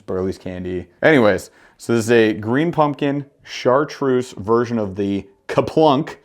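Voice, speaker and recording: A man hosting a fishing channel, chatting casually and excitedly as he reviews lures, full of slang and jokes. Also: mid-range voice. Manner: enthusiastic, slangy, joking.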